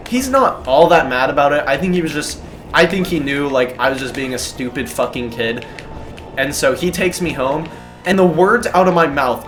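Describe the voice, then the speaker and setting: A man with a slightly high voice tells a personal story in an animated, self-mocking way, swearing as he goes. Soft music plays faintly underneath him.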